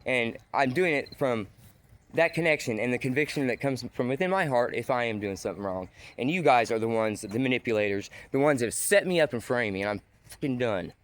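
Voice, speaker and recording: A man's voice: mid-range voice, animated, fairly quick. A man ranting in an agitated, accusatory monologue to the camera. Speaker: vlogger.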